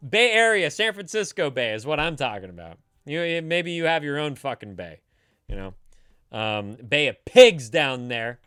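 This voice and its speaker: A man hosting a casual live stream, reading chat aloud and answering with loud, teasing, profane banter while drinking beer. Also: fairly high pitch, sing-song, normal speed, clean tone, dry recording, clean studio sound. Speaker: streamer giving advice to chat. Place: home streaming setup, San Francisco.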